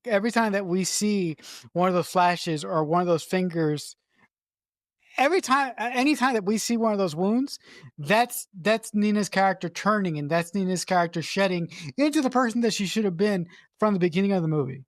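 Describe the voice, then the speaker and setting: A woman's voice: mid-range voice, a little fast, dry recording, clean studio sound. Stammering, swearing woman podcast co-host. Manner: restarts often, swears for emphasis. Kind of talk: casual film review chat.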